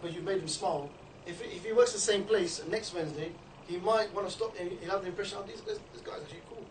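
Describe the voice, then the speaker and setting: Give me a quick, chatty man training a group, on a low-quality recording from a distant mic with noise behind him. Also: reverberant. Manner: chatty, with frequent "you know" and "yeah?" checks. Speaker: street outreach trainer. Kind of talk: informal training talk to a group. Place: indoor meeting room.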